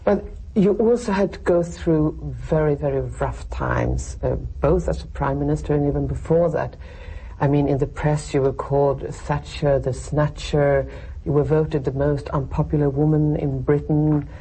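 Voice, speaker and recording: Low husky woman interviewer. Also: fairly even intonation, normal speed, mellow, low-quality recording. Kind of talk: interview questions.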